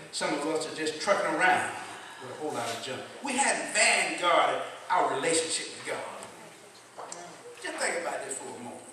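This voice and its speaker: A man's voice: fairly high pitch, noisy background. A man preaching a sermon to a congregation, folksy, with call-and-response asides. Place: church sanctuary with congregation. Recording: very echoey, distant church recording with congregation.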